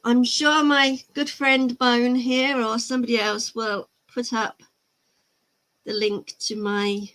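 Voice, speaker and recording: A woman's voice: fairly high pitch, level tone, slow pace, fairly bright tone. A woman hosting a miniature-painting livestream, chatting casually, laughing easily and answering chat comments. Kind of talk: casual live-stream chat.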